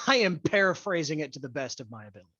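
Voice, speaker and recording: A podcast host in a profane sports rant, angry, crude and blunt, stressing key words with deliberate emphasis. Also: medium pitch, very animated, sharp tone, slightly rough, dry recording. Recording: dull lo-fi dry recording.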